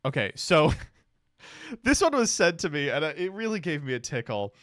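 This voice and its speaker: A man streaming casual reaction commentary, animated, swearing freely and laughing often. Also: on the high side, normal speed, dry recording, studio quality.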